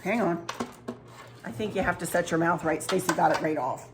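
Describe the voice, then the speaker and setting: A woman's voice: fairly low pitch, a little fast, background noise. A woman home decor vlogger in casual chat at her kitchen table, telling stories and talking directly to her viewers. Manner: chatty, storytelling, talks to viewers directly. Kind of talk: casual chat showing gifts.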